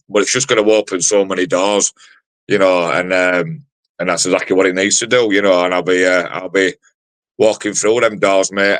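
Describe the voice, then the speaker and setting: A man's voice: sits low, fairly bright tone, no echo. A man, a bare-knuckle fighter giving a sweary, brash promo interview full of fillers. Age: 40s. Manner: brash, sweary trash talk with many fillers.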